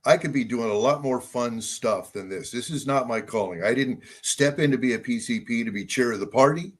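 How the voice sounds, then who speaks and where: A man's voice: medium pitch, a little fast. Insistent older man, talk-show guest. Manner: insistent, conspiratorial, repetitive. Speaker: guest, local party chair. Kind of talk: political interview.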